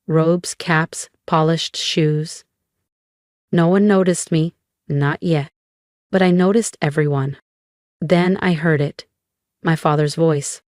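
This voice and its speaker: A woman narrating a first-person story in a measured, cool manner with dramatic pauses. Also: low voice, a little mellow, no room sound, studio quality.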